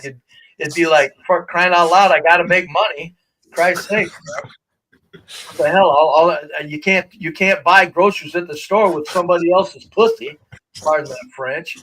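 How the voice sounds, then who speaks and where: A man's voice: on the high side, moderate pace, a bit bright, slight background noise, rough recording. A man chatting on a livestream as a regular guest, rambling with many restarts and a lot of swearing. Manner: rambling, profane, lots of restarts. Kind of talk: casual livestream chat.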